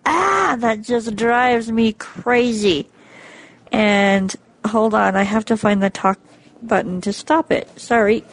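A woman's voice: medium pitch, level tone, takes it slowly. A woman in a book club chat, talking in a chatty, exasperated way. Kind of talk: casual group chat.

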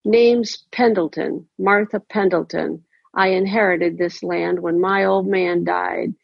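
A woman's voice: lowish voice, fairly even intonation, takes it slowly, creaky, slightly rough, dry recording, muffled recording, exaggerated voice. A woman reading a snarling, foul-mouthed older landowner. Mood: hostile. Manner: coarse, snarling rural talk.

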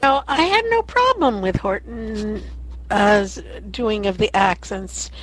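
A woman's voice: mid-range voice, expressive, slow, a little hiss or hum, rough recording. A woman in a casual group discussion about narrators, speaking thoughtfully with frequent fillers.

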